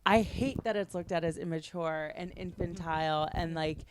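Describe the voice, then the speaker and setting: A woman's voice: lowish voice, fairly even intonation, normal speed, noisy background. A woman hosting a podcast, chatting casually and agreeably with her guest. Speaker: podcast host. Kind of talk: casual interview chat.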